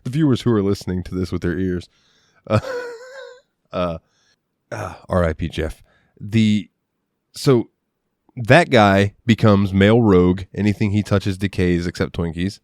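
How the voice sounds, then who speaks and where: A man co-hosting a podcast, chatting about a film in an animated way, laughing often and swearing freely. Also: sits low, unhurried, long pauses, dry recording, clean studio sound. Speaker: podcast co-host. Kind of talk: casual chat about a film.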